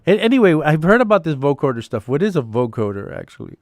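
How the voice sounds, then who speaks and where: A man's voice: fairly high pitch, very animated, fast. A man hosting a live music production Q&A over a video call, rambling with many fillers and restarts. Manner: rambling, full of fillers and restarts, laughs easily. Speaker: host.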